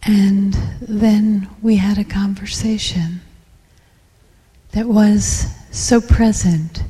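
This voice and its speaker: A woman sharing a personal story in a group, soft and hushed, reflective, with many pauses. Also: medium pitch, fairly even intonation, breathy edge, in a large hall.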